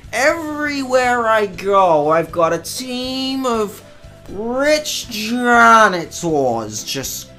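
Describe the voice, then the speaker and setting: A woman's voice: medium pitch, a bit bright, pitched above the performer's own voice, heavily acted. A woman voicing a haughty rich snob who scorns commoners, with a pompous, scornful manner.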